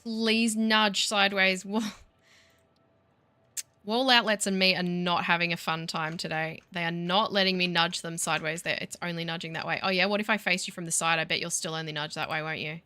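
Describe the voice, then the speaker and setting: Woman gaming host, wry self-mocking commentary, bright lowish voice, dry close sound. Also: fairly even intonation, fairly quick, dry recording. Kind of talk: casual gameplay commentary.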